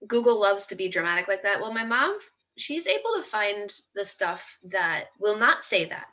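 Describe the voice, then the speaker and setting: A woman's voice: medium pitch, sharp tone. A young woman chatting casually and animatedly, acting out her mother's advice as she tells a story. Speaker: co-host. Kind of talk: casual chat. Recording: dull lo-fi sound.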